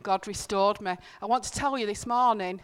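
Earnest woman preaching with a smooth voice. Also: mid-range voice, fairly quick. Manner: earnest, conversational, emphatic repetitions. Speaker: church speaker. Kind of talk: informal sermon with personal stories. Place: church.

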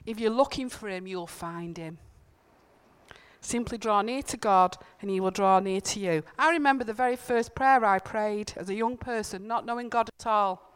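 Woman preacher, smooth clear tone, chatty earnest sermon in church, leans on repetition. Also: medium pitch, moderate pace. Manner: earnest, conversational, emphatic repetitions. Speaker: church speaker. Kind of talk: informal sermon with personal stories.

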